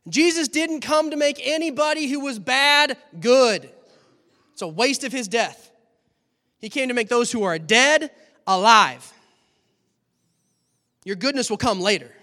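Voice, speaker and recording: Male preacher, high voice, animated storytelling sermon, long hall reverb. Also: unhurried, long pauses. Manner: animated storytelling, acting out scenes.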